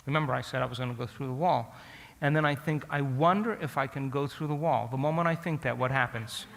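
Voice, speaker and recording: A man giving a storytelling lecture to an audience, speaking in an animated way and often asking the listeners questions. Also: mid-range voice, quick pace, gravelly, in a large hall, slight background noise.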